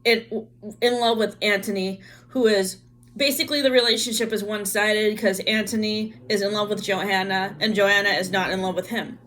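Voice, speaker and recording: A woman's voice: medium pitch, steady tone, normal speed, fairly bright tone, slight background noise. A woman gives her view in a casual chat, hesitant and earnest. She trips over her words and fills gaps with ums. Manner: hesitant, filler-heavy, earnest.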